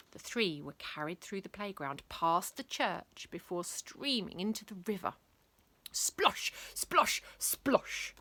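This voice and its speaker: A woman reading a bedtime story aloud, playful and expressive, switching into character voices. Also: mid-range voice, no echo.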